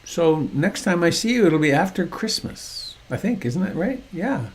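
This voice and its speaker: An older man teaching meditation over a video call, speaking softly and unhurriedly with gentle humor. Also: fairly high pitch, big pitch swings, normal speed, slight background noise.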